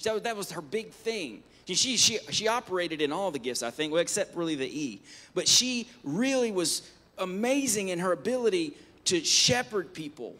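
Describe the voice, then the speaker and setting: A man's voice: high voice, animated, normal speed, pushed and bright. A man preaching a sermon in church, speaking emphatically with frequent restarts. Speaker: pastor. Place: church, live-streamed service.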